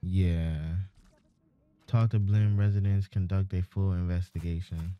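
Deep-voiced wry gaming man. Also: unhurried, smooth, highs cut off. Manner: wry, deadpan asides. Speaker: gaming streamer. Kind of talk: casual gameplay commentary.

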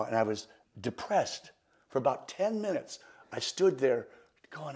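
An older man, a magician, telling stories and walking through a card trick, lively and repeating words. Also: mid-range voice, a little slow, breathy edge. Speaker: magician, interview guest. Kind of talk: storytelling and card demonstration.

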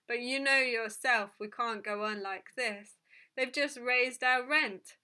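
A cross, short-tempered innkeeper snaps back in a raised, forceful voice, put on by a woman reading a storybook. He defends himself at every turn in a loud, high voice. The delivery is sharp and bright. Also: slow, clean tone. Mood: grumpy, defensive. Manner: snappish and defensive. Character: grumpy, irritable middle-aged male innkeeper.

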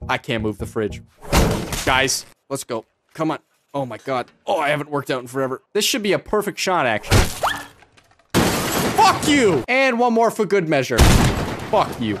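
A man recording gameplay commentary, excitable, yelling and ranting at objects in the game, with sarcastic self-talk. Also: a little high, normal speed, long pauses, over music. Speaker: gaming video host. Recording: loud game sounds and mouse clicks behind.

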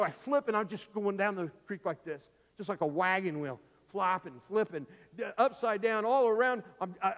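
Emotional pastor telling a story, echoey church. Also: male voice, high voice. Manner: vivid, emotional storytelling that swings from loud to hushed. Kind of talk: storytelling sermon. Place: church sanctuary. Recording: dull, echoey church recording.

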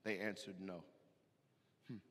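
A man preaching a sermon, animated and emphatic, with loud bursts and call-and-response to the congregation. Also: low voice, unhurried, slightly rough. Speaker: pastor. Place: large church hall. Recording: echoey hall from a distance.

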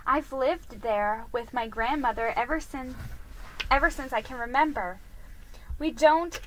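A woman's voice: high-pitched, unhurried, slight background noise, pitched above the performer's own voice, poor audio. A woman voicing a shy, tired young woman who stumbles and repeats words, read over background music. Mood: anxious, tired.

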